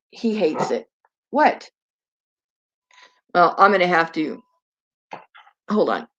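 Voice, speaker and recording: A woman's voice: mid-range voice, lively intonation, slow, pauses often, highs cut off. A woman hosting a casual live stream in a chatty, rambling way, slipping into baby talk with her dog.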